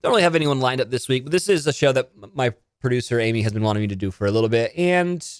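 A man's voice: medium pitch, racing, no room sound. Man in his thirties, self-mocking podcast chat, home studio, dry close sound. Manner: animated, self-mocking, rambling. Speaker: podcast host. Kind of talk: casual solo podcast chat.

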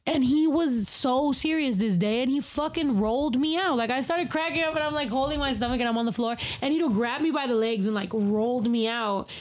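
Young woman, casual podcast chat, slangy and profane, laughing storyteller, fairly high voice. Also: fairly quick, few pauses.

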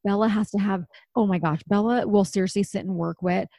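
A woman's voice: medium pitch, fairly even intonation, a little fast, gravelly, mellow, dry recording. A woman in her thirties hosting a podcast, talking candidly and chattily, swearing now and then. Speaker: podcast host. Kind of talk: casual chat.

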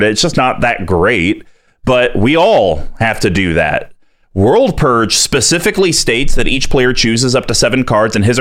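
A man lays out his argument in an animated voice, his pitch swinging widely. The delivery is chatty and quick to push back. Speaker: podcast host. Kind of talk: casual chat.

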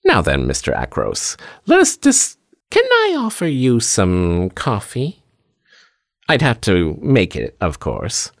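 A man's voice: on the low side, huge pitch swings, slow, dry recording, studio quality, pitched above the performer's own voice, full character voice. A man voicing a middle-aged carnival showman with grand, theatrical sales patter. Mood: eager.

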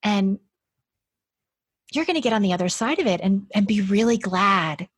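A woman's voice: medium pitch, animated, moderate pace, slightly rough, no echo. Woman guest, conversational and giggly, mid-range voice, dry close mic. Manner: chatty, laughs often, says "like" a lot. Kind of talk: casual chat.

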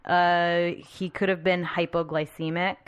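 Low-voiced woman, matter-of-fact. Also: level tone, a little slow, clean tone. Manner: matter-of-fact, reading through a list. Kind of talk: casual chat.

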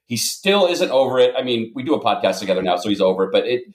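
Fast-talking man telling stories, roomy sound. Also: medium pitch. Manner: lively storyteller, self-deprecating. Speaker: guest storyteller. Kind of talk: casual anecdote telling. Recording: roomy echo.

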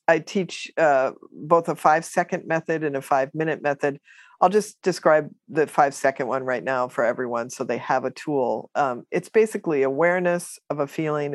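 Lively storytelling woman, dry sound. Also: low-pitched, dry recording. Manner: animated, laughs often, acts out quotes. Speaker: guest. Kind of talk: casual storytelling interview.

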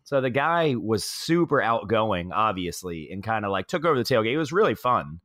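A man co-hosting a podcast who tells stories in an animated, casual way. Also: fairly low pitch, normal speed, dry recording, clean studio sound. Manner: animated storyteller. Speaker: podcast co-host. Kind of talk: casual chat.

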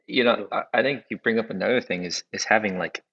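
A man's voice: on the low side, quick pace, gravelly, a bit bright. A man, a custom home builder, chatting as a guest in a reflective way and often repeating words while he thinks. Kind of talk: casual conversational chat. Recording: dull sound with long reverb.

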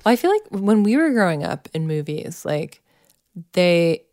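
A woman's voice: on the low side, very animated, moderate pace, darkish tone. A woman in her thirties co-hosting a podcast, chatting casually with lots of "like" fillers. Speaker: podcast co-host. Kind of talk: casual chat.

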